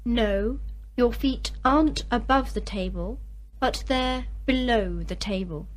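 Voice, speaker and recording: A woman's voice: fairly high pitch, takes it slowly. A woman giving careful full-sentence answers in a scripted English drill.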